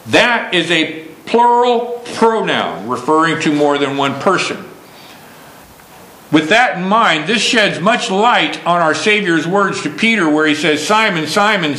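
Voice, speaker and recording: A man preaching a sermon slowly and emphatically, stressing key words. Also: sits high, sharp tone, reverberant, rough recording.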